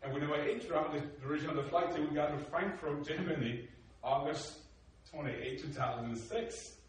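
A man from Africa telling his life story as a talk, animated and acting out the dialogue. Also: normal speed. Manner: animated, acts out dialogue with rising emphatic pitch. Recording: echoey hall from a distant mic.

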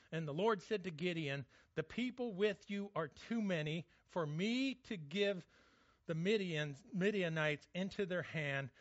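A man's voice: a little high, fairly bright tone, no room sound, highs cut off. A man preaching a sermon in a conversational, joking way, often restarting his words. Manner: conversational, jokey, frequent restarts. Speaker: pastor.

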